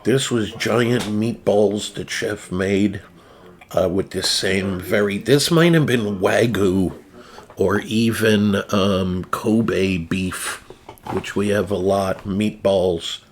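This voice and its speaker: New jersey guy slowly rambling about his meals, low voice, lots of uhs and likes. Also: slight background noise. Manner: rambling, loose, with many fillers and restarts. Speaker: channel host. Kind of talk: casual chat walking through food photos.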